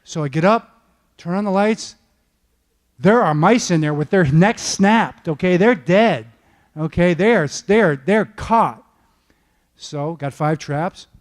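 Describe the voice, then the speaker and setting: A man with a noticeably high voice gives a motivational talk from an event stage. He tells stories in an animated way, checking in with the audience with "okay?" and "all right?" as he goes. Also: takes it slowly. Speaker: football coach giving a keynote talk.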